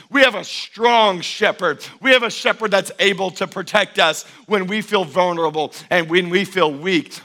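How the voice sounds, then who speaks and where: Preacher guy, bright punchy voice, goes big and loud then drops real quiet, repeats lines like a chant. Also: high voice. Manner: emphatic, swinging from loud declarations to hushed intimacy; repetitive, rhythmic preaching cadence. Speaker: pastor. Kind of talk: sermon.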